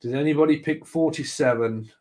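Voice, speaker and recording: A man's voice: on the high side, a little fast, a little mellow. A man hosting a live tarot stream, chatting casually with viewers, joking and laughing often. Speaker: tarot livestream host.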